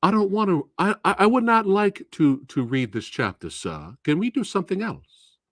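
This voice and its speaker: A man's voice: high-pitched, big pitch swings, normal speed, a bit bright, no room sound, studio quality, voice pushed up, full character voice. A man voicing polite, menacing teenage schoolboys who call everyone sir. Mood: pleading. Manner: overly formal, calls everyone sir.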